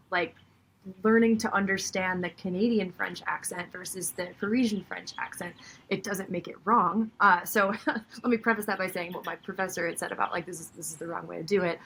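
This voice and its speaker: A young woman with a Minnesota accent, a commentator and voice actor, guests on a podcast for a casual chat, thoughtful and chatty and laughing often. Her lowish voice is steady, brisk, fairly bright and slightly rough, and the audio is poor.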